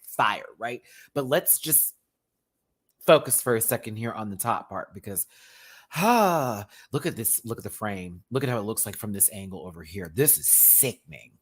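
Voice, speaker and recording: A man's voice: mid-range voice, husky. An American man hosting a casual review show, talking in a campy, exclaiming way full of slang. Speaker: YouTube reviewer host.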